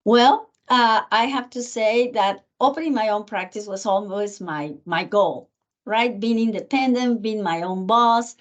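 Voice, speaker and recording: A middle-aged woman with a Spanish accent, a guest in an interview, telling her story in an earnest, animated way. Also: mid-range voice, measured pace. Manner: earnest, animated, acts out remembered dialogue. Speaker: guest speaker, county commissioner. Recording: muffled lo-fi recording.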